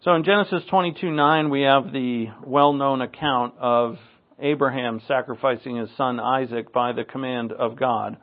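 A New England pastor preaches a Bible teaching sermon in a conversational, wry style, full of asides and dry jokes. His voice is medium in pitch, steady in tone, and moves at a normal speed. The recording sounds tinny, like it came through a phone.

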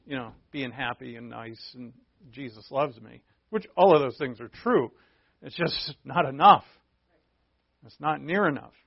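A pastor with a medium-pitched, creaky voice delivers a conversational sermon, unpacking a Bible passage with frequent rhetorical asides. The recording is dry and has a dull, lo-fi quality.

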